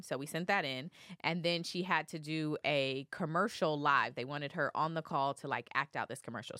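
A woman in her thirties co-hosting a podcast, telling stories in a lively, slangy way. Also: sits low, no echo, clean studio sound. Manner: animated storytelling, slangy. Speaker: podcast co-host. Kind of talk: casual chat.

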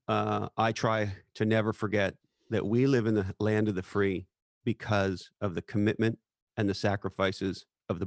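Middle-aged guy, low gravelly voice, earnest storytelling on a podcast, dry close sound. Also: dry recording. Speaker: podcast guest. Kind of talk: casual chat.

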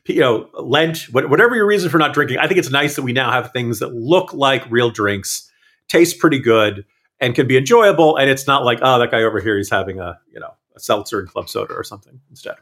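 A man's voice: mid-range voice, lively intonation, a little fast, a bit bright, slightly rough. Rambling male podcast panelist. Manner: rambling, frequent self-corrections. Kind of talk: casual panel chat.

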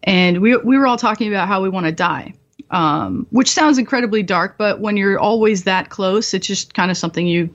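A young woman guest in her twenties, telling dark stories bluntly and profanely, often laughing, in a slightly muffled recording. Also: medium pitch, brisk. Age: 20s. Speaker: guest, former bomb disposal technician. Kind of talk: candid storytelling interview.

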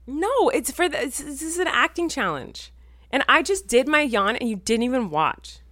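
A woman in her thirties co-hosting a podcast, chatting in a giggly, animated way and bossing her partner through a silly challenge. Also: high-pitched, moderate pace, no room sound, clean studio sound. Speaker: podcast co-host. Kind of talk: casual chat.

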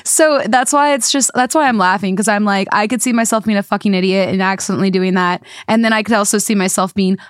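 A young woman co-host who talks in animated, rambling bursts, laughs often and leans on "like" as she goes. Her pitch is mid-range for a woman. The sound is dry and close. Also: fast, few pauses, clear, resonant tone, dry recording. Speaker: podcast co-host. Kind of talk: casual chat.

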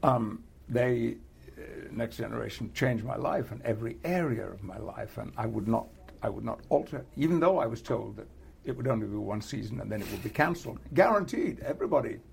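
Gravelly older British man, halting. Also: mid-range voice, expressive, slight background noise. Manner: halting, many restarts and fillers, chuckles often. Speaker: actor being interviewed. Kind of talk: casual interview chat.

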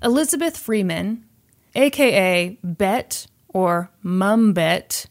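A woman's voice: medium pitch, expressive, slow pace. A woman co-hosting a casual true-crime podcast, chatty and self-deprecating, often breaking into laughs. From Midwest of the United States. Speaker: podcast co-host.

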